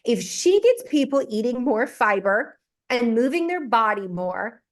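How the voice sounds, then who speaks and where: A woman in her forties with a fairly high voice talks animatedly as a guest expert. She explains at length, drops in "okay?" to check on her listener, and laughs often. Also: big pitch swings, measured pace. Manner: emphatic, explains with frequent "okay?" asides and laughter. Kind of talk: animated podcast conversation.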